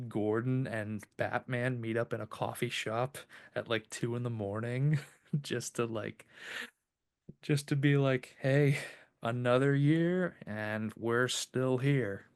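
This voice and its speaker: A podcast host chats casually in a fairly low, clean voice, rambling and filling his speech with "like" and "uh."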